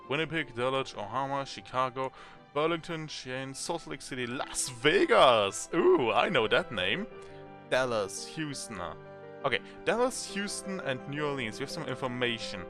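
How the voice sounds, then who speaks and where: A man commenting on a game as he plays it and reading its text aloud, chatty and thinking aloud. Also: medium pitch. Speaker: let's play host.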